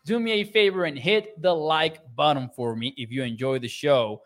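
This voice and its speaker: A man's voice: on the high side, moderate pace, fairly bright tone. A young man hosting a sports livestream, reading viewer comments aloud in an upbeat, chatty way and laughing often. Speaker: sports podcast host.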